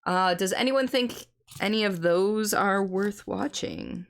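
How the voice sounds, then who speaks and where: A woman streaming live, talking to her chat in an unhurried, drawn-out way. She is casual and self-deprecating, and swears often. Her pitch sits in the middle for a woman. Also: creaky.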